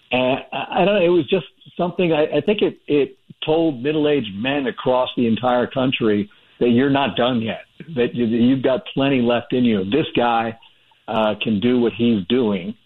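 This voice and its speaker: A man's voice: mid-range voice, measured pace. Male guest author on a phone line, mid-range voice, rambling anecdotal delivery. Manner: chatty storyteller, many fillers and restarts. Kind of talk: phone-in radio interview.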